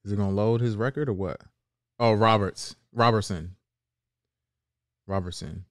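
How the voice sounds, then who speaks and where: A man's voice: fairly low pitch, steady tone, normal speed, dry recording, clean studio sound. Laid-back man hosting a fight podcast. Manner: laid-back banter, slangy, laughs often. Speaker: podcast co-host. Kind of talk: casual MMA podcast chat.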